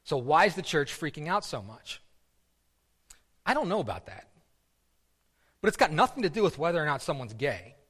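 A man's voice: fairly high pitch, very animated, moderate pace, pauses often, fairly bright tone, husky. A man preaching a sermon in a casual, conversational way, often repeating words and using fillers. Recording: long reverb of a hall.

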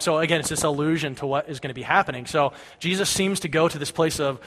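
Talking fast with barely any pauses, a man with a fairly high, fairly bright voice gives a sermon. He's a pastor keeping it casual and conversational, constantly checking in with "right?", and a long hall reverb colors the audio.

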